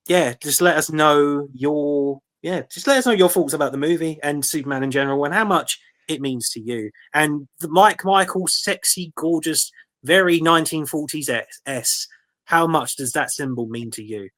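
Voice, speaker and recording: A man's voice: fairly high pitch, a little slow, a bit bright. A young man co-hosting a casual podcast chat, rambling and joking with lots of fillers. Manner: rambling, jokey, many fillers and laughs. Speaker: podcast co-host.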